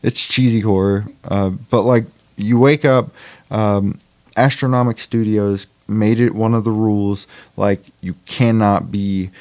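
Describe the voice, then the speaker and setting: Relaxed rambling man, low voice. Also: measured pace, no room sound. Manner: rambling, frequent fillers and restarts. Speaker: podcast guest, indie film actor. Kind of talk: casual chat.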